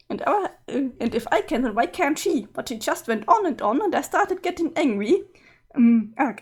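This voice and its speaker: A woman voicing an earnest, easily flustered teenage girl from a webcomic, in her own husky, fairly high voice. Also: exaggerated voice.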